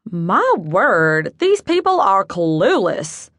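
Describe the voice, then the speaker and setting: A woman's voice: medium pitch, big pitch swings, very slow, fairly bright tone, dry recording, clean studio sound, heavily acted. A woman voicing a plump, fussy male matchmaker with a slightly nasal Southern accent, drawling and theatrical. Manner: theatrical, drawling, calls people darling.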